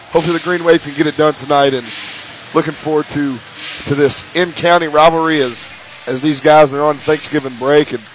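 A man announcing a high school basketball game in casual broadcast chat, rambling with frequent restarts. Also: low-quality recording. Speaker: play-by-play announcer.

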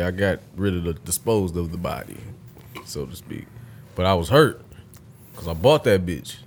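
A young man spinning crude stories in a casual chat, his low voice swinging widely in pitch as he breaks into big laughs. There is a faint hiss of noise behind him. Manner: profane storytelling, bursts into loud laughter.

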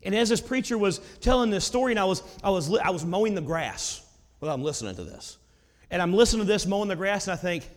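A man's voice: sits high, lively intonation, a little fast. A male preacher delivering a sermon, telling a story in a conversational way that builds to emphatic exclamations. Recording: long hall reverb.

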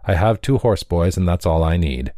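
A man's voice: low voice, animated, moderate pace, warm tone, no room sound, clean studio sound. A man voicing a kindly, practical male haulage owner who speaks matter-of-factly. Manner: kind, matter-of-fact.

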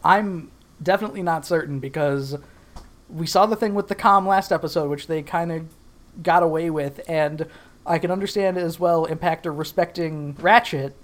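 Woman, podcast co-host, slightly low voice, dry, profane, casual recap. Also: normal speed.

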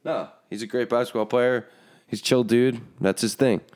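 A man's voice: mid-range voice, steady tone, moderate pace, a little mellow. A man co-hosting a casual sports podcast, easygoing and rambling, with lots of "like". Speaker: podcast co-host.

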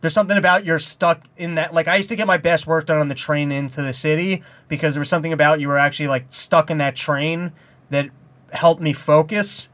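A man, a comedian co-hosting a podcast, chatting casually and telling rambling, animated stories. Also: on the high side, brisk. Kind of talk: casual chat.

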